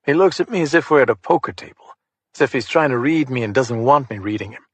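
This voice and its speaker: A man reads a crime thriller audiobook in the first person, with a measured, hard-boiled delivery. His voice sits at a middle pitch. The recording is dry and close. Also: animated, fairly bright tone, husky, no room sound. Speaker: audiobook narrator.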